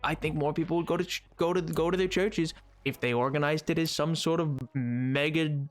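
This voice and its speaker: A man's voice: a little high, fairly even intonation, brisk. A man streaming a game, rambling and joking with his viewers in casual chat. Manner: rambling, jokey, chatting to viewers.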